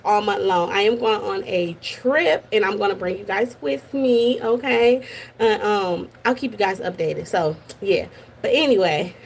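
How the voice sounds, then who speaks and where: A woman with a gravelly, higher-pitched voice runs a casual live stream from her work office, gossiping and chatting and calling out viewers by name. There's slight background noise.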